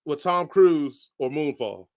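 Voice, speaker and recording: A man co-hosting a podcast, chatting casually about movies, who often agrees with quick repeated words and laughs along. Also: a little high, lively intonation, dry recording, studio quality. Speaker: podcast co-host. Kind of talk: casual movie review chat.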